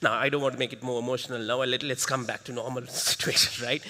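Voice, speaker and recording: A man facilitating a workshop, quizzing and coaxing the audience with quick questions. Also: mid-range voice. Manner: lively, coaxes the audience, quick rhetorical questions. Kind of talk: interactive workshop talk. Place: large conference hall. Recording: reverberant hall.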